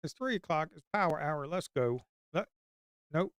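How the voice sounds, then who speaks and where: With lively intonation at normal speed, this man's fairly high voice sounds a bit bright, clear and resonant, recorded studio-clean with no room sound. He's a day trader on a livestream, casually commenting, talking to his screen to coax the market and occasionally cursing under his breath.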